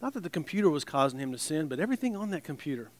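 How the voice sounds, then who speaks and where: High-voiced man preaching a sermon. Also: big pitch swings, racing. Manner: conversational, with restarts and wry asides; drops to a soft, low voice on scripture.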